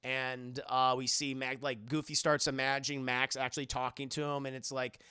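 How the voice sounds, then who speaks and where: A man's voice: mid-range voice, little pitch movement, normal speed, sharp tone, clean tone, dry recording, studio quality. A man casually reviewing a movie on a live stream, rambling, swearing and talking to his chat. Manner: rambling, profane, talks to chat.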